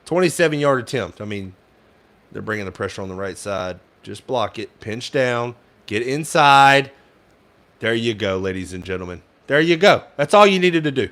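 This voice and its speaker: A man's voice: medium pitch, animated, moderate pace, a bit bright. A young man giving casual fan play-by-play commentary, frustrated and ranting at the play calling, sometimes swearing.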